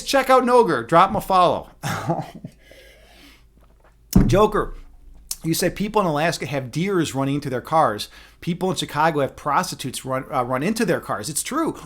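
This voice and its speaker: Man, high voice, casual livestream chat, swears a lot, restarts sentences. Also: a bit bright. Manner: rambling, profane, laughs often, many restarts. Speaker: streamer.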